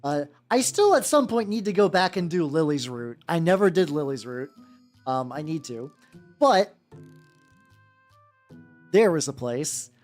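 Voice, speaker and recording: A woman's voice: mid-range voice, darkish tone. A woman in her thirties chatting casually as a streamer while she paints, rambling and restarting her sentences with a wry edge. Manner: rambling, self-interrupting, wry. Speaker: VTuber streamer.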